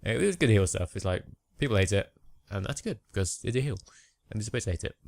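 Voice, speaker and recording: A young man co-hosting a podcast, chatting casually about wrestling with a relaxed, hesitant manner and frequent laughs. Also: lowish voice, fast talker, vocal fry, no room sound. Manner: laid-back, laughs often, hesitant with ums. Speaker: podcast co-host.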